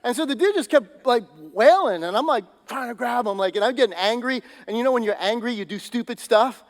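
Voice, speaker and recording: A man preaching a sermon as pastor, telling stories in a loose, conversational and animated way. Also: extremely high pitch, brisk, long reverb tail. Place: church sanctuary.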